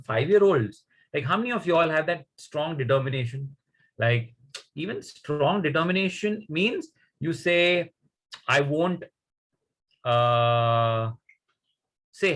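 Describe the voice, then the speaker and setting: A man's voice: fairly high pitch, breathy edge, low-quality recording. A man telling a story to children in a conversational way, often asking them questions.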